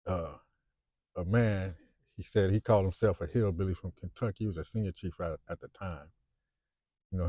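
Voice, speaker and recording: A vlogger in his fifties with a Chicago accent talks to camera in a low, dark voice, recorded without room sound and with the highs cut off. His unscripted monologue rambles, full of fillers and restarts.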